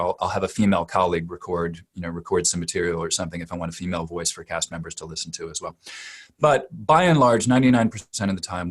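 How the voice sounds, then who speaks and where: A very low-voiced man explaining his craft as a dialect coach. He talks emphatically, doubling and tripling words as he builds long answers. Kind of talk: expert interview answer.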